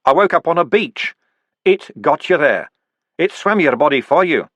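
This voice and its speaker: A man playing a gruff middle-aged police commander who speaks bluntly and agitatedly. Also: on the high side, lively intonation, normal speed, fairly bright tone, dry recording, pitched above the performer's own voice.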